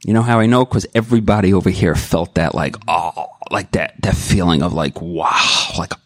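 Earnest low-voiced man sharing his story. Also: normal speed, no echo, studio quality. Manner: earnest and rambling, with many restarts; emotional and candid. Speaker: member sharing at a recovery meeting. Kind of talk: personal testimony.

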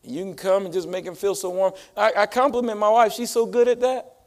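Man, lively pastor preaching, high-pitched, rising emphasis for the congregation. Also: a little fast. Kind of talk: sermon. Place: church sanctuary.

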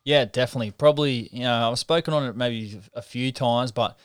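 A man tells his story in a reflective, earnest way. His voice is smooth and resonant, recorded close and dry. He stops and restarts often while he talks in a casual interview. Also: mid-range voice, brisk, dry recording. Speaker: interview guest, professional rugby league halfback.

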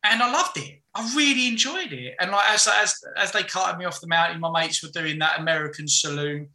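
A man's voice: high voice, brisk, sharp tone, roomy sound, poor audio. A man, a podcast guest, chatting frankly and rambling through stories with lots of restarts. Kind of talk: casual chat.

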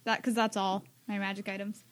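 A woman's voice: medium pitch, little pitch movement, fairly quick. A woman playing a tabletop game and chatting playfully about her items. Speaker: player. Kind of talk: casual tabletop play.

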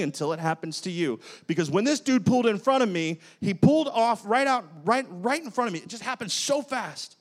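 High-voiced, animated male preacher. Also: fairly quick, few pauses. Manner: animated, dramatic storyteller with shifting energy. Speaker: pastor. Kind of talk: sermon with personal storytelling.

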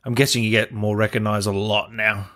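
A man's voice: on the low side, flat delivery, fairly quick, fairly bright tone. A man hosting a casual interview and asking his guest short, curious follow-up questions. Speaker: podcast host.

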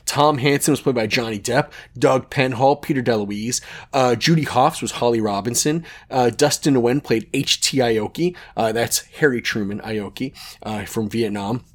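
A man in his forties hosts a podcast in a loose, rambling monologue. He tells stories with enthusiasm, drifts off topic and swears casually. His voice sits at an ordinary pitch for a man. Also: normal speed. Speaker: podcast host.

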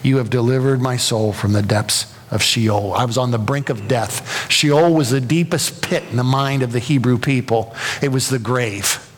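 A man's voice: medium pitch, moderate pace, a little hiss or hum. A pastor preaching a sermon, earnest and building to impassioned emphasis, often repeating words as he presses a point. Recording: long reverb of a large hall.

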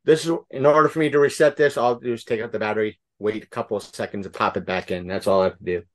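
A man's voice: lowish voice, fairly even intonation, racing. Joking man on a video call. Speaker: podcast co-host. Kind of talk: casual chat.

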